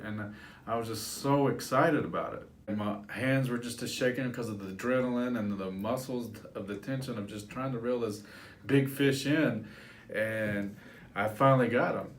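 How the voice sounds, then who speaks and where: A man who works as a life coach speaks straight to his viewers in a plain, mid-pitched voice. He tells his story in an animated way and slips into his younger self's voice for the exciting parts. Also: moderate pace, slight background noise. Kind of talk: personal storytelling to camera.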